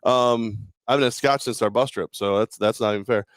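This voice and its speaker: Man, sports talk co-host, hungover, rambling, laughs a lot, average pitch. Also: a little fast, no echo, studio quality. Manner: rambling, jokey, laughs often.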